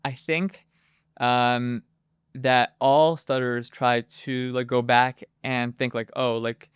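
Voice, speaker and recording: A man talks as an interview guest, halting and stacked with fillers and restarts. His voice is very clear and resonant, held to a narrow, even pitch. The sound is dry and close, with no room around it. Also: no echo. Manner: hesitant, with many fillers and restarts. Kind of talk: casual interview talk. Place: moved to Israel as an adult.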